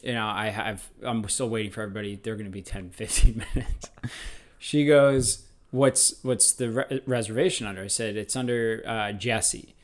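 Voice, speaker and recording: A man's voice: on the low side, moderate pace. A man from Los Angeles co-hosting a casual chat, telling a long rambling story full of restarts. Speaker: podcast co-host.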